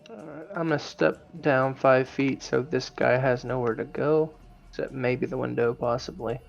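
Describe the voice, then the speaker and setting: A man's voice: mid-range voice, steady tone, normal speed, creaky, faint music behind. A man playing a tabletop role-playing game, upbeat and chatty. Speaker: player. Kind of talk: casual tabletop play. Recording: dull lo-fi mic.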